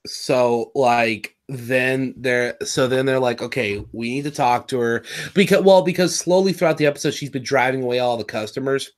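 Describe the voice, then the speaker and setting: A man's voice: medium pitch, normal speed, hardly any pauses. A man co-hosting a casual episode review, rambling and correcting himself as he recaps and jokes. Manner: rambling, self-correcting, jokey. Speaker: podcast co-host.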